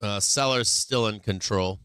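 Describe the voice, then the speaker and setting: A man's voice: lowish voice, a little slow, pushed and bright, clear, resonant tone, no room sound. A middle-aged man hosting a stock market livestream, rambling casually with lots of swearing and "like" fillers. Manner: rambling and profane, heavy on "like" fillers.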